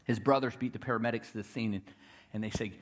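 A man preaching a sermon, telling a story and building to loud, repeated declarations. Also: on the low side, fairly even intonation, fast talker. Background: guitar music.

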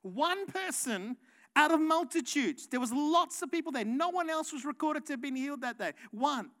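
High pitched woman preacher, gets fired up and shouty, lots of asking the crowd. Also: lively intonation, normal speed. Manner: passionate, rising to shouts, rhetorical questions. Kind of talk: sermon.

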